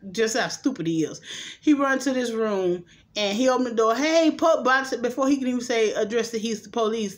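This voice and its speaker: A fairly high-voiced woman talks straight to her viewers in a casual vlog, walking through a film's plot. She rambles from scene to scene and laughs often. She jumps into the characters' lines with lively energy. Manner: acts out quoted lines animatedly. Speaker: movie reviewer vlogger. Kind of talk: casual movie review vlog.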